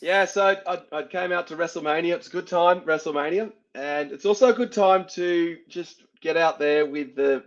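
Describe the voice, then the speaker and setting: An Australian man hosts a sports podcast, chatting casually and laughing at his own slip-ups. His voice is fairly high and moves at a normal speed with few pauses. The recording sounds dull and lo-fi.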